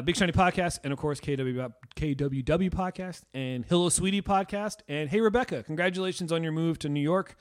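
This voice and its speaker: Male podcast host, slightly high voice, rambling profane banter. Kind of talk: casual podcast chat.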